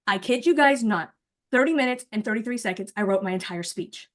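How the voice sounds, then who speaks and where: A woman in her forties, a nurse coach, chatting in an animated way straight to her listeners on a video call before rehearsing a speech. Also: fairly high pitch, fairly quick. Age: 40s. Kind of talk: casual chat, then rehearsing a speech.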